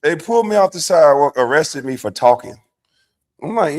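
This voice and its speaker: A middle-aged man hosting a livestream, telling stories in a casual, profane, animated way, dropping from low mutters to loud outbursts. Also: brisk. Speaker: livestream host.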